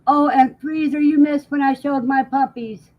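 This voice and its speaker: A woman's voice: high voice, fairly even intonation, highs cut off. A woman hosting a livestream, casually reading out viewers' comments and answering them, laughing often. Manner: unhurried, chatty, laughs often. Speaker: livestream host.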